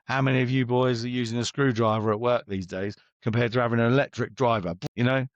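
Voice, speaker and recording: A man's voice: mid-range voice, fairly even intonation, fast, no room sound, muffled recording. A middle-aged man, a business coach, talking bluntly and chattily as an interview guest and acting out his exchanges with clients.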